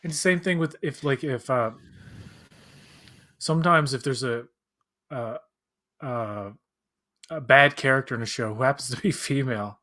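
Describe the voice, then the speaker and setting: Casual male co-host, mid-range pitch, rambles and restarts a lot. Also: normal speed, pauses often, sharp tone. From Canada. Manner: rambling, many restarts and fillers, acts out quoted voices. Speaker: watch-along co-host. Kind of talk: casual chat.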